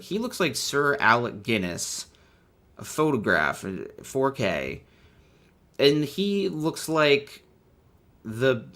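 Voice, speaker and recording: A young man hosts a comedic commentary, talking wryly and riffing off the cuff. His pitch sits in an ordinary middle range but moves a lot, leaping up with excitement and dropping into low mutters. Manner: wry, riffing, swings from mutters to excited outbursts. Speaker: video host. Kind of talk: comedic commentary on book illustrations.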